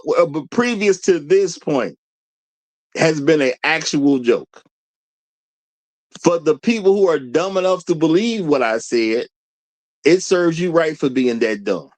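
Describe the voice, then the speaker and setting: A man hosting a live stream, talking casually, laughing often and repeating lines for emphasis while firing rhetorical questions at his audience. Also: on the high side. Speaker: show host.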